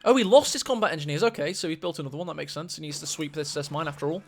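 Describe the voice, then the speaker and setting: A man casting a strategy game match, excitable and quick to gasp at big plays. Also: a little high. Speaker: esports caster. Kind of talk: live game commentary.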